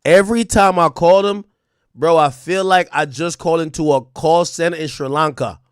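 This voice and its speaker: A man hosting a livestream, telling a story in casual slang, animated and sometimes loud. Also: on the high side, normal speed, clear, resonant tone, no room sound, studio quality. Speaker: streamer host.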